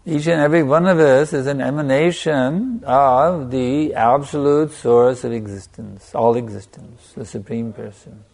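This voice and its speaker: A man giving a sermon as a spiritual teacher, stressing points by repetition and letting a soft "you see" trail off after them. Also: mid-range voice, unhurried, creaky, hardly any pauses. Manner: emphatic, repeating phrases for stress.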